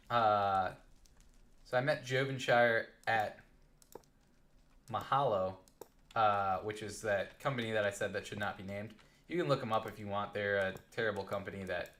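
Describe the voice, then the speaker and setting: Rambling young man streaming a game. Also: fairly low pitch. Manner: rambling and animated. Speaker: gaming live streamer. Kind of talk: casual storytelling while playing.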